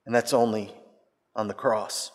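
A man preaching a sermon as pastor, swinging between loud emphatic lines and hushed, quiet ones. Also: fairly low pitch, steady tone, a little slow, slightly rough. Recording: reverberant hall.

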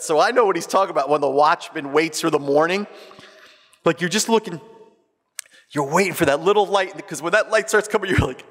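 A man preaching a sermon as pastor, swinging between loud emphatic lines and hushed, quiet ones. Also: a little high. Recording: reverberant hall.

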